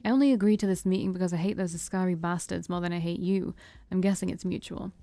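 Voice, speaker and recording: A gruff male vampire gang boss, as a woman puts him on in a game story, booming and curt, swearing freely. His voice sits mellow and warm rather than bright. It is recorded dry and close. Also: steady tone, quick pace, no echo, faint music behind, natural voice. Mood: demanding.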